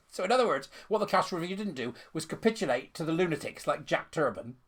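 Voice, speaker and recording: A man's voice: on the high side, expressive, fast, fairly bright tone, husky. A man giving scornful, sarcastic ranting commentary while reading out a letter.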